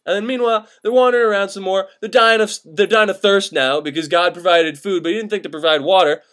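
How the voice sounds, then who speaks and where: A man's voice: sits high, steady tone, fast talker, a bit bright. A young man retelling an old myth as profane comedy, sarcastic and exasperated, swearing freely. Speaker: comedic storyteller.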